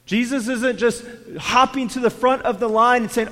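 A man preaching a sermon as pastor, dropping to hushed lines and then rising to emphatic ones, and acting out quoted prayers with feeling. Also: sits high, fairly quick, hardly any pauses, big-room sound. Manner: swings between quiet hushed lines and raised emphatic ones.

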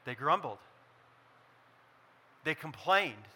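Male pastor preaching, fairly high and very bright voice, moves from loud emphasis to hushed intensity. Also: lively intonation, slow pace, husky. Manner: preaching with wide swings between loud emphasis and quiet intensity. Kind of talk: sermon.

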